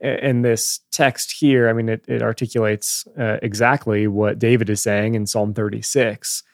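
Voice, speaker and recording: A man's voice: fairly low pitch, flat delivery, moderate pace, no echo, studio quality. A man co-hosting a podcast, speaking hesitantly with frequent fillers and restarts. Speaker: podcast co-host. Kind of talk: casual podcast discussion.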